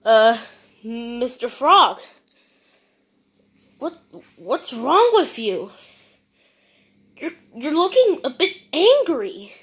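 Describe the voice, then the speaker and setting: Very high, lively-voiced woman performing a skit. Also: drawn-out words, long pauses, husky. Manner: theatrical, swings from chatty to panicked shouting. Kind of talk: playful comedic skit acting.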